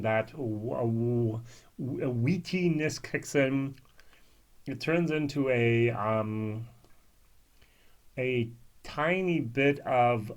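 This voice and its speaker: A man reviewing whisky in a casual, musing way, with frequent ums and restarts. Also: medium pitch.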